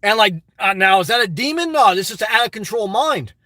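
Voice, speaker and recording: A man hosting a livestream, reading chat and rambling in a crude, excitable, off-the-cuff way from inside his car. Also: high voice, brisk, no room sound.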